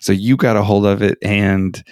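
A young man co-hosting a podcast in casual chat, speaking in a halting, self-conscious way with many restarts. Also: fairly low pitch, fairly even intonation, a little mellow, dry recording, studio quality. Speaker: podcast co-host.

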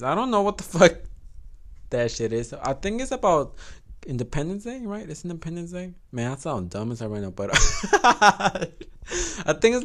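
Young guy rambling on his podcast, cussing a lot, laughing, voice jumps all over, a bit high. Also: a bit bright. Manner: crude, laughing, switches between English and Spanish. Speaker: podcast host. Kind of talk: casual solo podcast chat.

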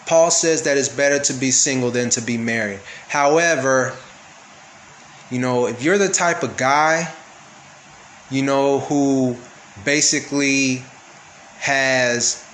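Man, Bible teacher, slow and measured, keeps asking "all right?", roomy echo, faint background hum. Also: medium pitch, fairly bright tone. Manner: explains slowly, checks in with listeners often. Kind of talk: casual Bible study teaching. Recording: echoey room with faint background noise.

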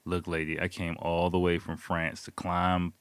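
A man's voice: deep voice, monotone, normal speed, fairly bright tone, smooth, no room sound. A man voicing a pushy, stubborn male hiker who insists and swears. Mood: insistent.

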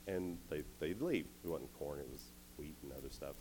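A man's voice: very deep voice, brisk, a little hiss or hum, low-quality recording. A man preaching to teens, retelling a story casually and acting out the characters' lines. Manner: animated, acts out characters in quotes. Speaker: youth speaker. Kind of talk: youth sermon, casual storytelling.

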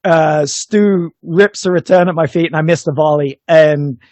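Animated storytelling man, dry close sound. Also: fairly high pitch, moderate pace, dry recording. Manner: animated, laughs while telling stories. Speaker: podcast co-host. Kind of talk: casual storytelling chat.

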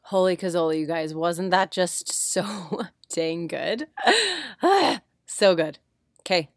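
A woman's voice: fairly low pitch, animated, slow, no room sound, studio quality. A woman podcast host giving a bubbly, emphatic outro. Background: music.

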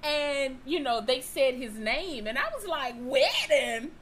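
A woman's voice: high voice, animated, unhurried, fairly bright tone, a little hiss or hum, poor audio. A woman telling a personal story in casual chat, acting out both sides of the dialogue.

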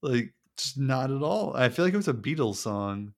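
A man's voice: medium pitch, very animated, normal speed, gravelly. A man co-hosting a podcast in a laid-back casual chat, laughing along often. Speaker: podcast co-host.

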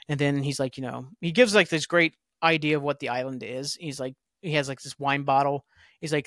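A man's voice: on the high side, fairly even intonation, moderate pace, fairly bright tone, no room sound, clean studio sound. A young man hosting a podcast, casually recapping a TV episode with rambling, offhand asides. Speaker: podcast host.

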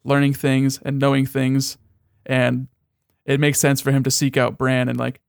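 A man's voice: mid-range voice, completely flat delivery, a little slow, creaky, clean tone, no echo, clean studio sound. A young man in casual chat as a podcast co-host, rambling and swearing freely, with many restarts.

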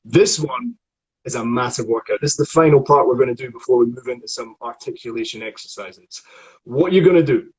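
Husky man coaching a vocal warm-up. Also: mid-range voice, poor audio. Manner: coaching, counts out exercises and demonstrates sounds. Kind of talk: guided vocal warm-up lesson.

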